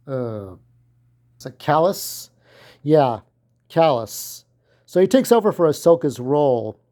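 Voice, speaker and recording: Brief: male fan commentator, pitched a bit high, chatty and meandering, keeps forgetting names. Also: a little mellow. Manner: rambling, loses track of names, many fillers. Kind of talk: casual rambling commentary.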